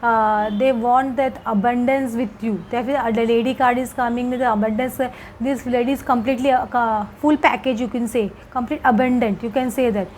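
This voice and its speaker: A woman with a high, light voice reads tarot cards to the viewer in a casual, hesitant way. She circles back on her points, repeating phrases and filling pauses. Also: steady tone, darkish tone, a little hiss or hum, rough recording. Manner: hesitant, repetitive, many fillers. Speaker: tarot reader. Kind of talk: casual tarot card reading to camera.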